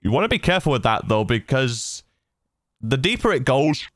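A man's voice: medium pitch, sing-song, normal speed, fairly bright tone. A man casually walking through voice effects on his audio mixer, chatty and laughing at his own silliness, on a studio broadcast mic. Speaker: host demonstrating audio gear. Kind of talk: casual tutorial walkthrough.

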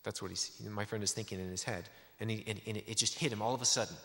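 A man's voice: lowish voice, fairly even intonation, fast talker, bright, forceful tone. A man giving a sermon in a church, telling a story with many restarts. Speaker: preacher. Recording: echoey church hall.

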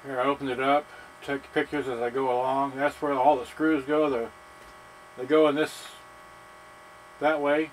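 A man casually demonstrating a serviced stereo, talking in halting bits as he thinks aloud and works the gear. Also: medium pitch, a little hiss or hum, rough recording.

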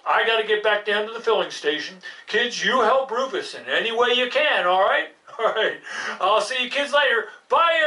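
A woman's voice: medium pitch, sharp tone, far from the mic. A woman doing Doctor Tooth, a goofy puppet dentist. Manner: goofy, chuckling, coaxes children to answer. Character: jolly, silly adult male puppet dentist. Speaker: puppet show host talking to kids. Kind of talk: live puppet show.

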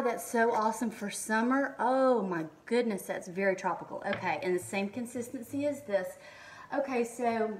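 A middle-aged woman with a drawl talks through a beauty haul in her kitchen, gushing and stopping for ums as she reads product labels aloud. Her voice is mid-pitched and sits a little away from the mic. A faint hiss stays under the whole recording. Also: distant mic. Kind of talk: casual haul and unboxing chat. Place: home kitchen.

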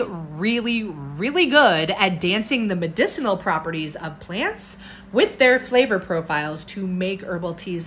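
A woman herbalist chats casually on a live stream, bubbly and talkative, laughing often and reading viewer comments aloud. Her voice is fairly low-pitched, pushed and bright, with a little hiss or hum in the audio.

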